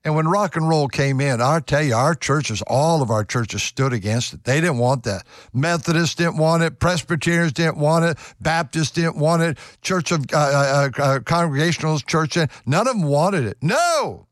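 Fervent older preacher. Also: male voice, a little high, moderate pace, few pauses, dry recording, studio quality. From United States. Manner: fervent preaching that breaks into sung hymn lines. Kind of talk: sermon.

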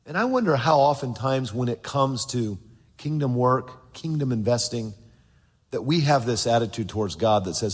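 Husky pastor preaching in a reverberant hall. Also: male voice, mid-range voice, expressive, moderate pace. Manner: earnest preaching with stammered word repeats; acts out quoted voices in storytelling. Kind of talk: sermon. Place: large church sanctuary. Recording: long reverb of a large hall.

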